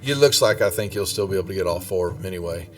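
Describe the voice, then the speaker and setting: Dungeon master, man, low easygoing voice, mic sits a bit far off. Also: rapid-fire, over music. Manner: laid-back, lots of ums. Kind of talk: running a tabletop game.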